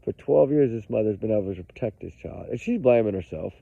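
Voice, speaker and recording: A man delivers casual, emphatic true crime commentary, repeating his points and calling his viewers "y'all." His gravelly, lowish voice is animated and brisk, and the dry recording sounds tinny, like a phone.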